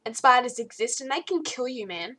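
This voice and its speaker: A teenage girl chatting to camera from her bedroom, rambling and jumping high when excited. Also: fairly quick. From Australia. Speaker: vlogger. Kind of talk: casual chat to camera.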